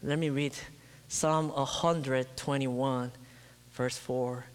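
Long hall reverb surrounds a pastor preaching in a smooth, medium-pitched voice with fairly even intonation. He is emphatic and slow, his volume shifting between loud passages and near-whispers.

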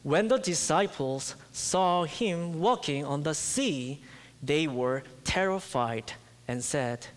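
A man's voice: on the high side, lively intonation. A man preaching a sermon, emphatic, dropping to a near-whisper at times. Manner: emphatic, slow, swings from loud to near-whisper. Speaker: pastor. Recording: long hall reverb.

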